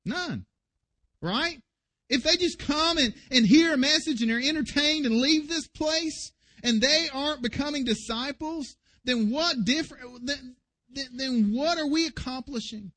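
A man's voice: extremely high pitch, measured pace, sharp tone. A man preaching a sermon as pastor, earnest and emphatic.

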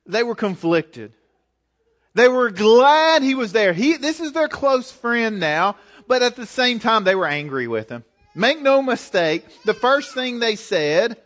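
A man's voice: high-pitched, fairly bright tone. A male preacher delivering a conversational sermon, speaking with emphasis and direct exhortation.

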